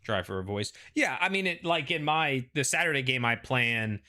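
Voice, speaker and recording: A man's voice: mid-range voice, lively intonation, normal speed, bright, forceful tone. A man hosting a casual panel chat, rambling with lots of "like" and "you know" and frequent restarts. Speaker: show host.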